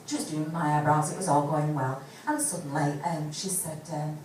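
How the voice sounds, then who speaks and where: A woman's voice: deep voice, fairly even intonation, moderate pace, a little mellow. A woman, doing a chatty, self-deprecating stand-up set at a pub gig and swearing freely. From England. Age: 40s. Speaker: stand-up comedian. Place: pub comedy gig with live audience. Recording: roomy distant live recording with background noise.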